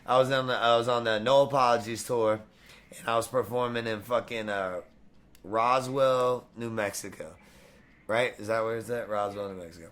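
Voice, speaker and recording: A man's voice: mid-range voice, fairly even intonation, moderate pace, fairly bright tone. A man guest in a casual interview, hyped and profane, full of slang and swearing. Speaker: musician guest.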